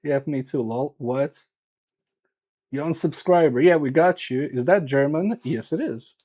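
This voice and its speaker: A man talking in an unhurried, relaxed drawl as he live-streams a repair session from his home workbench. He jokes and teases his chat, often mocking himself. His voice sits on the mellow, warm side. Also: on the high side. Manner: joking, self-mocking, chatty with viewers.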